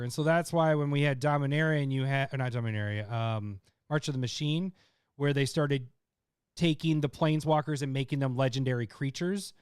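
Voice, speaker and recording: A young man co-hosting a podcast, chatting casually and laughing between his points. His voice is smooth and slightly higher than most men's, and the sound is close and dry with no room around it. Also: dry recording. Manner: laughs often, rambling and joking. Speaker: podcast co-host. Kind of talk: casual chat.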